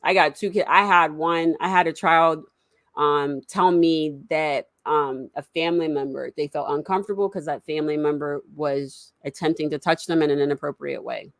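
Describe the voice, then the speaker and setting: A woman in casual conversation, a parent telling animated stories and acting out the voices of the people in them. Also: low-pitched, moderate pace, no echo. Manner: animated storyteller, acts out quotes.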